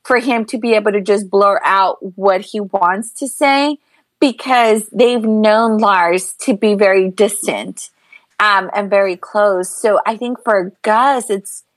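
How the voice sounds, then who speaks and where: A woman's voice: mid-range voice, slow pace, no echo. A middle-aged woman co-hosting a casual podcast, thoughtful and rambling, with fillers and restarts. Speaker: podcast co-host.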